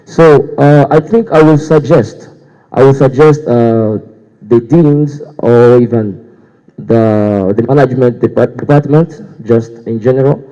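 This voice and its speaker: Young man, mellow dark voice, hesitant debate answers, echoing hall. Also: mid-range voice, measured pace. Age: young adult. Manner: hesitant, many fillers and restarts. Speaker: student guild candidate. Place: university hall. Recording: dull echoey hall sound.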